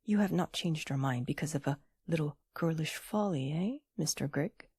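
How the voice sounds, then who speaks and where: A woman voicing a fussy old gentleman alchemist in an audiobook, with pleading, insistent delivery. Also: low-pitched, normal speed, slightly rough, no echo. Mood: anxious. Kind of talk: audiobook character voice.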